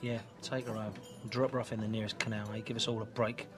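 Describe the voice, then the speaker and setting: A man's voice: fairly low pitch, flat delivery, fast, over music, close to an everyday voice. An actor playing a sarcastic middle-aged husband and father with a cutting manner. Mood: scornful. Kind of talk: TV soap drama acting.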